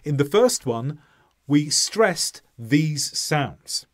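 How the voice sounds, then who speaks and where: Slow, lively-voiced English teacher. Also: male voice, on the high side. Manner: slow, deliberate, clearly stressed delivery with modelled example sentences. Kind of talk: scripted English pronunciation lesson.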